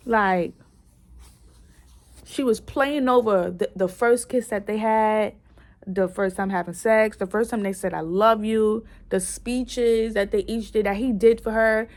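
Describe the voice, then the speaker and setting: A woman chatting casually in a book review, retelling scenes excitedly with lots of "like"s and restarts, and cursing bluntly. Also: medium pitch, a little slow. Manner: blunt, curses freely.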